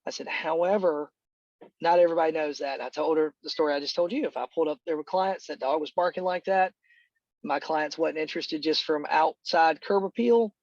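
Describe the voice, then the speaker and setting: A man's voice: a little high, fairly quick, darkish tone, no room sound, dull audio. Chatty man telling a long story. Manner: rambling, with many fillers like "dude" and "man". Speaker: real estate agent. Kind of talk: casual storytelling on a call.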